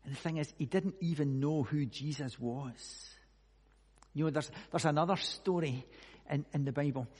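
A man preaching a conversational sermon, musing aloud with many rhetorical questions and moving between hushed and loud delivery. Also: fairly high pitch, normal speed, slightly rough. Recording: long echoey hall reverb.

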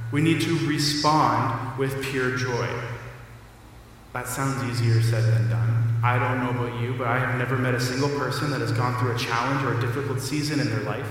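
A man's voice: mid-range voice, fairly even intonation, moderate pace, a bit bright, a little hiss or hum. A young man who is a pastor, giving a conversational sermon built on everyday examples. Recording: reverberant hall.

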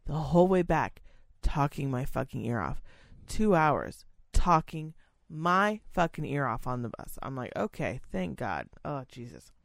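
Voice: mid-range voice, lively intonation, a little slow, gravelly, no echo, clean studio sound. A person telling a long work story in casual chat, swearing freely and acting out what others said. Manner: profane, rambling storyteller who acts out other people's voices. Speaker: podcast co-host and senior-living staff worker.

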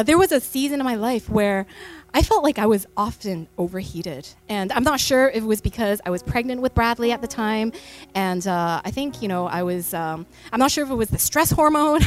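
Woman pastor in her 30s, fairly high voice, chatty sermon on a church mic. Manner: chatty storytelling with many fillers. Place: church stage. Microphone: stage microphone.

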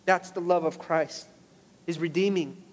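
A man's voice: steady tone, a little slow. Impassioned male pastor in a reverberant hall. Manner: impassioned, rising to emphatic high peaks on key phrases. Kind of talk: sermon.

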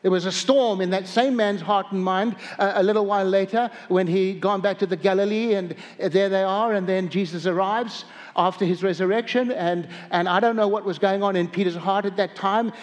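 A man's voice: high-pitched, fairly even intonation, moderate pace, few pauses, in a large hall. A man preaching a sermon, telling stories in a rambling way with restarts and chuckles. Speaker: pastor.

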